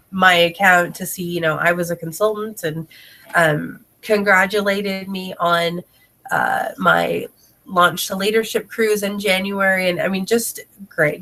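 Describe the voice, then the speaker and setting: Talking to her camera mic at home, a woman who sells home products as a direct sales consultant gives a casual video tutorial, chatting, laughing a lot and speaking to her child between sentences. She's a bit congested, and her voice is on the low side and a bit bright.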